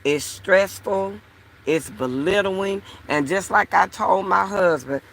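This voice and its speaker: A woman's voice: medium pitch, slow pace, gravelly. A woman vlogger talking to her viewers in a casual, frustrated, repetitive way. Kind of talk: casual talk to camera.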